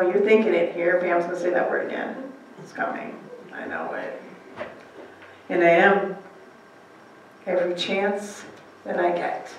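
A woman's voice: fairly low pitch, a little hiss or hum. Woman pastor, sermon, chatty rhetorical questions, very echoey church, distant mic. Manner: conversational, rhetorical questions, acts out quotes. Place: church sanctuary.

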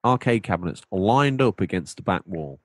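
A man's voice: low-pitched, lively intonation, normal speed, no room sound. A man hosting a podcast, rambling playfully in casual chat. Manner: playful, rambling, breaks into silly put-on voices. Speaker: podcast host.

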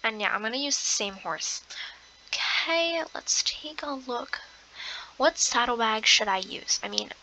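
A young woman commenting on her game play, excitable, gasping often and slipping into soft half-whispered asides. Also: fairly high pitch, a little hiss or hum, rough recording. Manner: excitable, gasping, lots of exclamations. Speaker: gamer.

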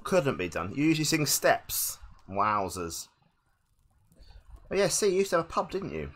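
A man streams himself playing a game and talks his chat through every failed jump. His voice is bright and forceful, and it swings up and down a lot as he grumbles. He sounds exasperated and keeps addressing his viewers as people. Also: medium pitch, very animated, moderate pace. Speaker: gaming streamer. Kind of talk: live-stream gameplay commentary.

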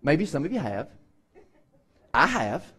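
A man's voice: a little high, huge pitch swings, a little slow, fairly bright tone, slightly rough. A man pastor preaching a sermon in a conversational way, acting out the people in Bible stories with voices.

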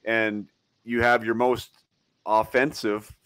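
A man hosting a podcast, asking a guest about his career in a conversational, quick way. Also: fairly low pitch, flat delivery, a bit bright, smooth, dry recording. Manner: conversational, quick follow-up questions. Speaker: podcast host. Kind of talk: casual interview.

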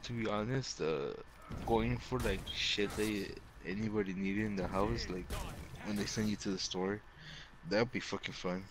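A man's voice: fairly low pitch, moderate pace, rough recording. A young man telling rambling childhood stories to friends in casual chat, full of swearing and fillers. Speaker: storyteller among friends.

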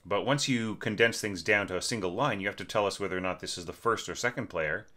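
Male orchestration teacher, low voice, stuffed-up and throat-clearing, chatty score review with a sharp edge. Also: fast talker. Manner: conversational, many fillers and tag questions. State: congested, clearing his throat. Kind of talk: casual spoken score critique.

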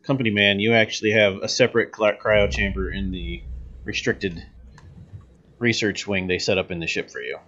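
A man's voice: lowish voice, fairly even intonation, normal speed, fairly bright tone, highs cut off. A man running a tabletop role-playing game as game master, narrating with dry humor.

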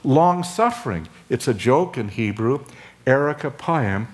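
Older male professor for a chapel sermon: unhurried delivery, expressive rise and fall, lifts his voice to stress key words. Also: mid-range voice. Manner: slow and deliberate, with frequent uh and um, voice lifting for emphasis; acts out dialogue between Moses and God. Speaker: seminary professor.

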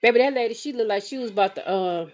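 A woman vlogging as a mother, telling a comedic, exasperated story with sassy, animated delivery and big swings in pitch. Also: fast talker. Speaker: mother of a kindergartner. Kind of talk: comedic storytelling vlog rant. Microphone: phone or webcam vlog.

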